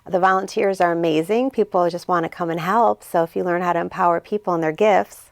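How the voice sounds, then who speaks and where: A woman who founded a nonprofit and serves as its CEO speaks as a guest in a casual interview, earnest and emotional, quoting others in lively voices. Her voice is lowish and creaky, and she talks fast. There is no room sound.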